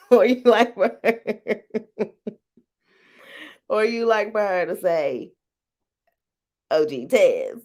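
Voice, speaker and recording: A woman's voice: mid-range voice, drawn-out words, pauses often, a little mellow. A woman hosting a casual live-stream chat, frank and teasing, who laughs often between phrases. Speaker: host.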